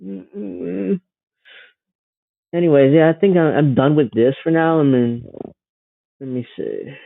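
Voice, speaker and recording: A man's voice: mid-range voice, normal speed, no echo, narrow, tinny audio. A man hosting a livestream, giving sarcastic, rambling political commentary. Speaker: livestream host.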